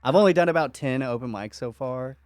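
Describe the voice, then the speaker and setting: A man's voice: mid-range voice, brisk, a little mellow, no room sound, studio quality. Profane, laughing male podcast host. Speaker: father and new stand-up comic. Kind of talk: casual podcast chat.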